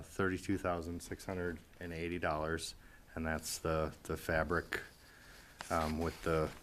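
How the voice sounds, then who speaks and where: A breathless man reporting to a municipal board as a public works staff member, hesitant and halting with many fillers. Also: sits low, fairly bright tone, slight background noise.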